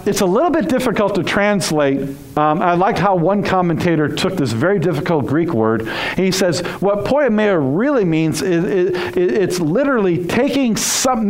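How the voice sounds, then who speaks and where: Male pastor, sermon storyteller, slightly higher pitch, acts out the lines. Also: poor audio. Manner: storytelling, acts out dialogue, drops to a whisper at times.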